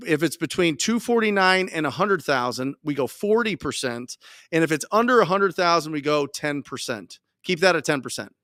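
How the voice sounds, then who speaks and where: A man leads a live coaching Q&A with plenty of energy, pressing hard on each point and repeating it. His voice sits a little high. The sound is close and dry, with almost no room behind it. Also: a bit bright, no room sound. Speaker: podcast host and wholesaling coach.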